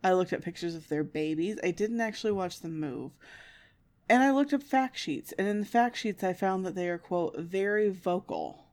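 A woman's voice: lowish voice, normal speed, a little mellow. Sarcastic, swearing woman podcaster. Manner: sarcastic, swears, laughs often. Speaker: podcast co-host. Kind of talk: casual chat.

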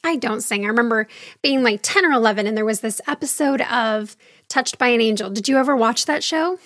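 A woman's voice: on the high side, brisk, a bit bright, no echo, clean studio sound. A woman telling a candid personal story about her faith in a conversational monologue, with wry asides and the occasional sigh. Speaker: speaker sharing her faith journey.

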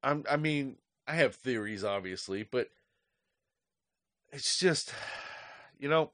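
A man's voice: medium pitch, expressive, measured pace, long pauses, fairly bright tone, no echo. Middle-aged male podcast host, angry profane rant, dry recording.

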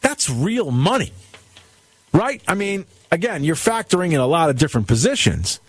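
A man's voice: on the high side, very animated, moderate pace, breathy edge, no room sound. A man hosting a talk radio show, rambling casually through news stories and often stopping to search for words. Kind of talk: casual rip-and-read talk.

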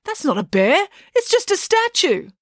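A woman voicing a hot-headed, trigger-happy male animal control officer who turns shrill and panicky, read as an audiobook character voice. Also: big pitch swings, normal speed, no room sound, studio quality. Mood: blustering.

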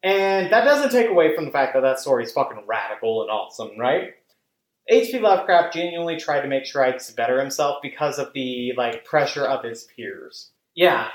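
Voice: mid-range voice, normal speed. Casual podcast host, loose and profane, filler-heavy, echoey room. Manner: rambling, animated, profane, many fillers. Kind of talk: casual chat.

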